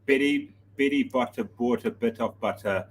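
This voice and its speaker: A man's voice: mid-range voice, moderate pace. A man co-hosting a casual morning livestream, laid-back, mumbling a little and chuckling at himself. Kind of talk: casual chat.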